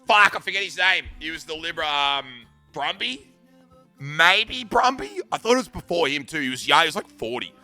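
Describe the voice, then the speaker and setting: A man's voice: fairly high pitch, expressive, moderate pace, bright, forceful tone, faint music behind. A young Australian man casually telling a rambling, sweary school story, full of bro and dude. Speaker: streamer.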